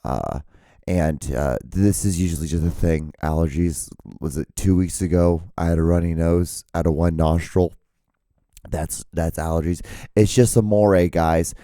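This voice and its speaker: A man hosting his own podcast in a loose, joking ramble, hoarse and gravelly as if he has lost his voice. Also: low voice, fairly even intonation, measured pace, mellow, dry recording, clean studio sound. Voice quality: gravelly, smoker-like. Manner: loose, joking, swears freely. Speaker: podcast host.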